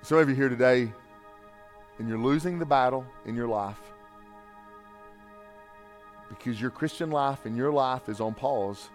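A male pastor preaching a sermon, swinging from quiet, low asides to loud, repeated shouted refrains. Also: moderate pace, soft background music.

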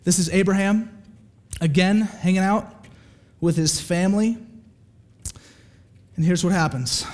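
A man preaching a sermon in a casual, animated way, often checking in with his listeners. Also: high-pitched, a little slow, pauses often. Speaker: pastor.

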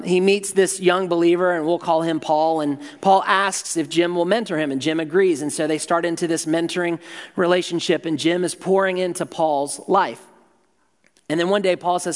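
A man preaching a sermon, telling a story in an easy, conversational way and quietly acting out what the people in it say. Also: on the high side, in a large hall. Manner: conversational, acts out the story's dialogue in quiet voices. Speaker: pastor.

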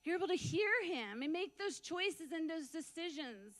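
A woman preaching a testimony, telling it as an animated story, laughing often and acting out the dialogue. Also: extremely high pitch, normal speed. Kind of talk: sermon testimony.

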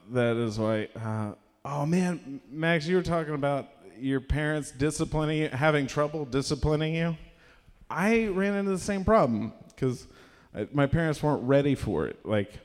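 Young male comic, self-mocking storyteller, mid pitch, live room with lingering reverb. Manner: rambling, self-mocking, acts out quotes in raised voices. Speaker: stand-up comedian. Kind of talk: stand-up storytelling. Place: live comedy venue.

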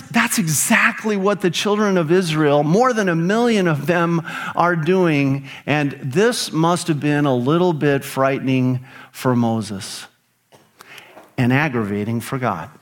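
A middle-aged man preaching a sermon as pastor, emphatic, with rhetorical questions and rising emphasis on key phrases. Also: fairly high pitch.

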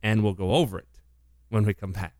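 A man's voice: fairly low pitch, steady tone, fairly quick, very noisy. A man co-hosting a radio show, chatting casually on air with playful, teasing banter.

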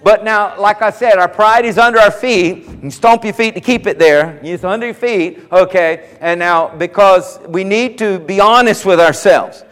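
A man preaching a sermon as pastor, slowing down and rising in force when quoting scripture. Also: sits high, a bit bright. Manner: preaching, slows and rises on scripture quotes. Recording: long reverb of a large hall.

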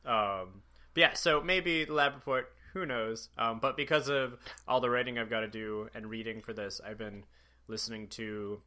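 A young man hosts a podcast in a casual chat, rambling along with lots of fillers and frequent laughter. He has a medium-pitched, sharp-toned voice and speaks at a normal speed.

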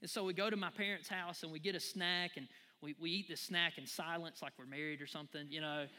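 A man's voice: fairly high pitch, fast, in a large hall. A man, preaching a sermon and telling a folksy personal story to his congregation. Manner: animated, folksy, addresses the crowd as y'all. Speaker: pastor.

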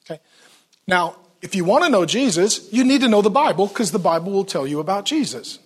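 A man's voice: sits high, sing-song, a little fast, breathy edge. A man preaching a sermon as pastor in a church, telling stories with playful acted-out quotes.

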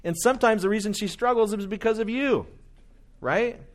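A man's voice: high-pitched, moderate pace. A man preaching a sermon in an earnest, conversational way, often quoting hymns and older writers. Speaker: pastor.

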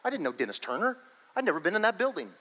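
A man preaching a sermon as pastor, emphatic and animated, often breaking into laughter. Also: high-pitched, racing, big-room sound, low-quality recording.

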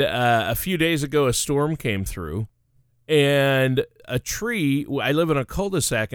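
A man's voice: mid-range voice, clear, resonant tone, no echo, clean studio sound. Chatty man co-hosting a talk show. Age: middle-aged. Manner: chatty storyteller, laughs often. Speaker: radio show co-host. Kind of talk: casual chat.

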